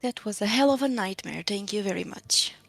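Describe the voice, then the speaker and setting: A woman's voice: mid-range voice, expressive, a little fast, gravelly, dry recording, soft background music. A woman playing a tabletop game and describing her character's actions in chatty speech full of fillers. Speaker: player. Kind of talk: casual tabletop role-play.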